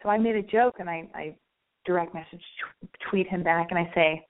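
A woman's voice: fairly low pitch, fairly quick. A woman telling a casual, exasperated story to her listeners, acting out the quotes as she goes. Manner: animated, exasperated, acts out quotes; chatty, addresses listeners directly. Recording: tinny phone-like line.

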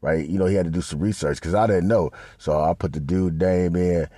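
A man hosting a podcast in crude, rambling casual commentary that swings up loud and high when he gets worked up. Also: fairly even intonation, fairly quick, dry recording. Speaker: podcast host. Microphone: podcast mic.

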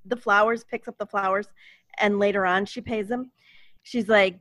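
Woman, animated storyteller, dry close sound, podcast co-host. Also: mid-range voice, brisk, no room sound. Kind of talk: casual movie recap chat.

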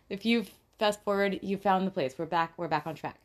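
A woman's voice: medium pitch, lively intonation, unhurried. A young adult woman co-hosting a casual true-crime podcast, chatty and giggly, with lots of fillers and swearing. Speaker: podcast co-host.

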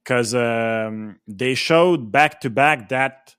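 A young man joins a sports podcast as a guest and speaks in an animated, opinionated way, often stopping to correct himself. His voice sits in a middle range. The recording is dry and close. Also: medium pitch, very slow, smooth, dry recording. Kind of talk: casual sports talk.

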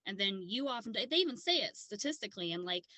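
A woman's voice: medium pitch, lively intonation, quick pace, bright, forceful tone, no room sound. A woman from South Dakota co-hosting a podcast, chatting casually in a blunt, profane way and laughing easily. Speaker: podcast co-host. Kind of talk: casual chat.

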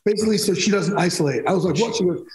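A high-voiced man with a darkish tone races through candid personal stories in a podcast interview, rambling emphatically and frequently starting sentences over. The recording is poor quality, with an echoey room.

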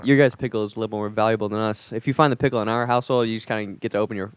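A young man in casual chat, quick and offhand, with lots of fillers. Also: lowish voice, steady tone, clean tone, no room sound.

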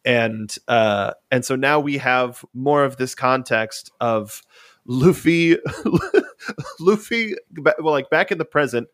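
A man's voice: medium pitch, slow pace, no room sound, clean studio sound. A man co-hosting a casual talk show, telling a story with energy and acting out quotes. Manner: animated storyteller, acts out quotes. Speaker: podcast co-host. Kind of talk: casual chat recapping an anime.

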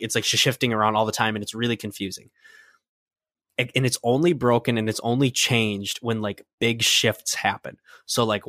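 A young man co-hosting a podcast, retelling a scene in an excited, rambling way full of fillers. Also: fairly low pitch, dry recording, studio quality. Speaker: podcast co-host. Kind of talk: casual fan chat.

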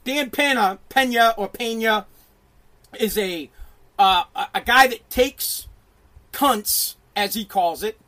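Brash middle-aged male ranter with a strikingly high voice, profane and emphatic, prone to shouting. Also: slow pace. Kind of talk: ranting monologue.

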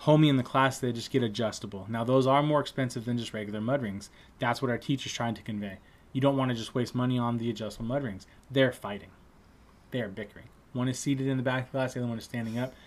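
Male storyteller, mid pitch, casual and profane, animated delivery that plays out other people's lines. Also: quick pace. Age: adult trade-school student.

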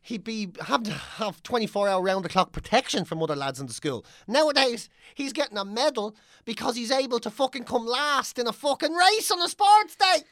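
A woman's voice: a little high, sing-song, a little fast, few pauses, a bit bright, no room sound, studio quality. A woman co-hosting a casual chat, ranting hard and swearing constantly. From Ireland. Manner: ranting, profane, mocks others in whiny voices.

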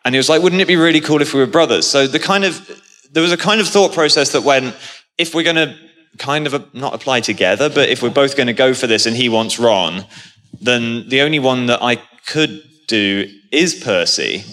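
Guy on a stage, bright voice, lots of laughs, reverb from the hall. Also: mid-range voice, moderate pace. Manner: animated storyteller, laughing often. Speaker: actor guest. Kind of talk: live stage interview.

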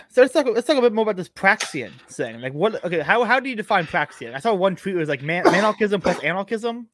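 Young Florida man, twenties, stream host, high-pitched, casual and swears freely. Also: very animated, fast, few pauses, a bit bright, no room sound. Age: 20s. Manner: laid-back, laughs often, swears casually. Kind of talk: casual livestream chat.

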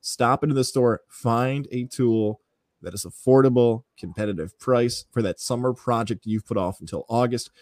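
A man's voice: medium pitch, moderate pace, a little mellow, no echo. This is a man with a mid-range voice and a confident, punchy delivery. He breaks down the team and reads ads on sports radio. The studio sound is dry and close.

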